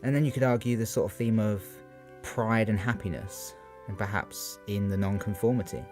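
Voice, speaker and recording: A man's voice: lowish voice, fairly even intonation, moderate pace, darkish tone. A young man talking through a poem for revision, unscripted and hesitant, with many fillers. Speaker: student giving revision analysis. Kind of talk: unscripted spoken revision talk. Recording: faint guitar music behind.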